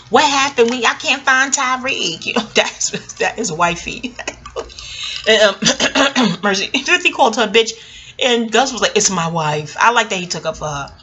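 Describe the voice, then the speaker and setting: A woman's voice: fairly low pitch, bright, forceful tone, slight background noise. A woman giving a casual, rambling TV episode review, joking and scattered, with frequent asides and free swearing. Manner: swears freely. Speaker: TV recap vlogger.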